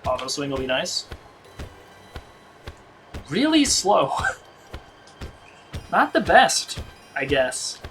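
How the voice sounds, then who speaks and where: A man's voice: a little high, sing-song, very slow, long pauses, a bit bright, faint music behind, low-quality recording. A man streaming a game, testing a weapon and muttering damage numbers in casual commentary from a home setup.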